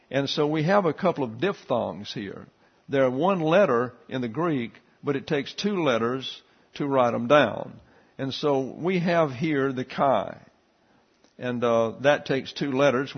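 A man's voice: mid-range voice, slightly rough, muffled recording. Man teaching Bible Greek, many fillers. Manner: explanatory, steady, with frequent "uh" fillers.

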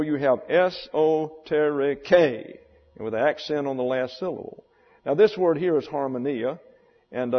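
A man with a mid-range voice teaches a Bible class as a classroom lecture, deliberately spelling out and pronouncing terms slowly for his students. The recording has dull lo-fi sound in a reverberant hall.

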